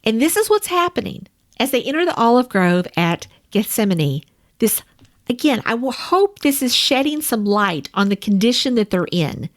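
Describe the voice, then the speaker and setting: A woman's voice: a little high, big pitch swings, normal speed. A woman teaching a Bible study in a conversational way, speaking to her listeners as friends. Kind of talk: casual teaching.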